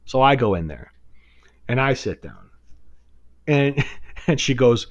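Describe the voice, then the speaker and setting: A man's voice: mid-range voice, unhurried, long pauses, muffled recording. A man telling a long story on a casual podcast, swearing freely and laughing as he goes. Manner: profane, animated, laughs while telling a story. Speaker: podcast co-host.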